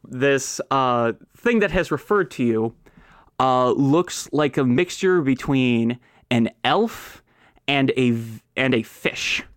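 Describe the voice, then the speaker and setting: A man narrating a tabletop game as game master, in slow, theatrical narration. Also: mid-range voice, fairly bright tone, dry recording, studio quality.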